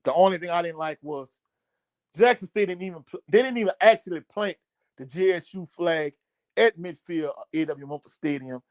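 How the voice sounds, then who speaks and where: A man hosts a relaxed sports live stream, reading out viewer comments and chuckling often. His voice sits a little high for a man. The sound is close and dry, with no room around it. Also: moderate pace, no room sound. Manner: laid-back, laughs often, many fillers. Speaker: sports show host.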